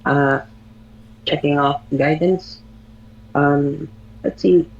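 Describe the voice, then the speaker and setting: A woman's voice: low voice, steady tone, drawn-out words, darkish tone. A woman playing in an online tabletop game, thinking aloud as she checks her character sheet over a dull call mic. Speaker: player.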